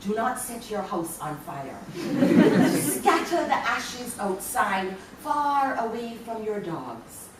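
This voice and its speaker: A woman's voice: fairly high pitch, very animated, takes it slowly, few pauses. A woman from Jamaica with a Jamaican accent, reading her poetry to an audience in a lecture hall and chuckling between lines. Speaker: poet. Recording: very echoey hall, voice from far off, faint room noise.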